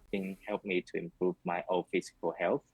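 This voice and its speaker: A man's voice: low voice, flat delivery, fairly quick, vocal fry, darkish tone, breathy edge, rough recording. A man answering speaking test questions in a hesitant way, heard through a played-back recording of the test. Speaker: exam candidate.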